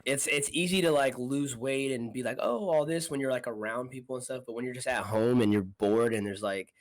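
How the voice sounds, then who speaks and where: A man's voice: mid-range voice, fairly quick, no room sound, low-quality recording. A man co-hosting a casual podcast from his apartment, talking in a laid-back, slangy way and laughing often. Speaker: podcast co-host.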